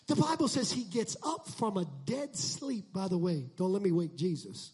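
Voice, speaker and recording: A male pastor preaching a sermon, moving between quiet joking asides to the congregation and shouted climaxes. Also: sits high, very animated, moderate pace, few pauses, breathy edge. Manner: jokey, conversational asides to the congregation.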